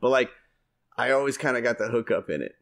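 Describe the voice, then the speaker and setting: Male podcast co-host, loose rambling storyteller, frequent laughs, casual swearing, mid-pitched voice. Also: expressive, fast talker, vocal fry, fairly bright tone. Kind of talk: casual chat.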